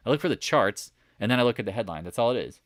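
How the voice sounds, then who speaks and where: A man hosting a live market chat, walking viewers through charts with animated asides and rhetorical questions to the chat. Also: medium pitch, racing, no echo, clean studio sound. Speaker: market commentary host. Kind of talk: live stock chart commentary.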